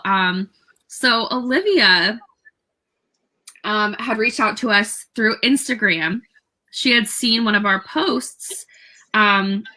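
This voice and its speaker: A young woman, a guest on a talk show, telling a story casually with many fillers and lively quoted dialogue. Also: medium pitch, low-quality recording.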